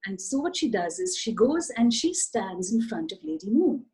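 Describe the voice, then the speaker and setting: A woman author telling a children's story in an animated, expressive way, addressing her listeners directly. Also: medium pitch, normal speed, slightly rough, poor audio.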